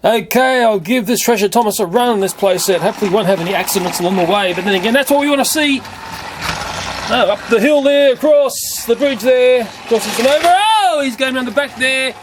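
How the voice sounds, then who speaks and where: A man with a high voice casually reviews toy trains and plays with them. He talks in a playful way and breaks into excited shrieks at the crashes. Loud clicking and whirring from the toys runs under his voice. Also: brisk, noisy background.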